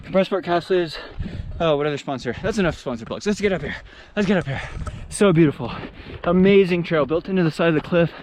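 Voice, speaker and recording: A man narrating a trail run out loud in a casual, enthusiastic way, out of breath as he climbs a high mountain trail outdoors. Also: fast talker, slight background noise. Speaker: trail running vlogger and coach. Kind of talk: casual vlog narration while running.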